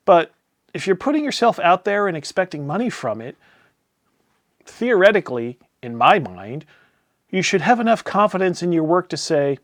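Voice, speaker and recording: A man rants in a casual, profane way, swinging from loud exasperated outbursts to sarcastic muttered asides. His voice sits a little high for a man. The sound is dry and close, with no room around it. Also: expressive, normal speed, no room sound. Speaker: tabletop game publisher ranting. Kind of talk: casual spoken rant.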